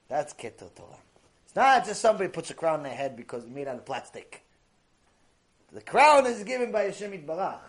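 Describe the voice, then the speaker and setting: A man with a high voice delivers a Torah lecture that mixes teaching with storytelling. His voice swoops up and down constantly and stays animated, and he repeats key phrases to drive his points home.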